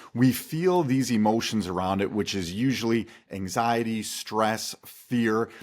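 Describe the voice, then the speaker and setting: A man who is a guest expert, giving calm, instructive answers in an interview. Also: lowish voice. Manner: calm, instructive, steady delivery.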